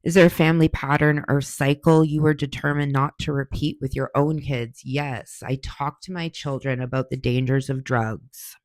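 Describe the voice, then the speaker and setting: A woman's voice: extremely low pitch, fairly even intonation, moderate pace, few pauses, a little mellow, dry recording. A woman in her forties, hosting a podcast, answering questions in a blunt, profane, heated storytelling style. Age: 40s. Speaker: podcast host. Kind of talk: casual monologue answering questions.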